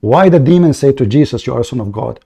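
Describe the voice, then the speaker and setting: A man's voice: mid-range voice, expressive, gravelly, mellow, slightly rough. Mocking, insistent man debating. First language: Arabic. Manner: mocking, insistent, repeats words rapidly. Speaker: debate host. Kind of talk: heated live debate.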